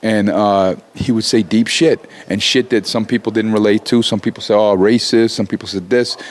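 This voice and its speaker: A low-voiced man in his forties talks in a loose, profane way. He gets animated and trips over restarts as he rants, swearing often. It is casual interview talk. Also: moderate pace. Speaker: rapper, guest.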